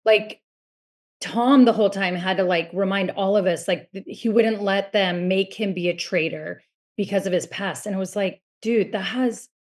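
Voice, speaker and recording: A woman's voice: medium pitch, normal speed. A woman guest on a podcast in casual chat, telling her side of events in a chatty way and filling her talk with "like". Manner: chatty, filler-heavy storytelling.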